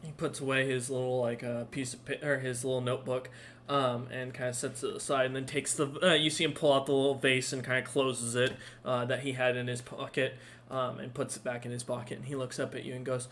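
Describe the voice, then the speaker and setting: A man's voice: mid-range voice, little pitch movement, brisk, fairly bright tone, slight background noise. A man narrating a tabletop game as dungeon master, rambling with lots of fillers. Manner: rambling, many fillers and restarts.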